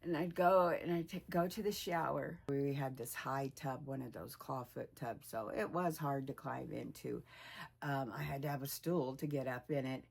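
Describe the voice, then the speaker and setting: A woman's voice: extremely low pitch, normal speed, vocal fry, husky. A woman in her sixties talking candidly in a personal vlog, reflective and rambling, sometimes dropping to a whisper. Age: 60s. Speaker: weight loss vlogger.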